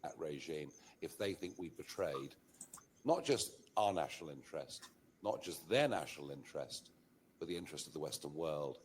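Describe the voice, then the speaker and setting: A man with a very deep voice answers in a political interview, measured and emphatic. Faint background noise sits under the clip. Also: expressive. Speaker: political commentator.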